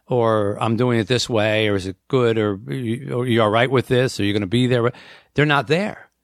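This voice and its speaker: A man's voice: mid-range voice, fairly even intonation, moderate pace, no echo, studio quality. A man hosting a talk show on air, speaking earnestly and acting out inner voices as he lists points. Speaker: radio talk show host.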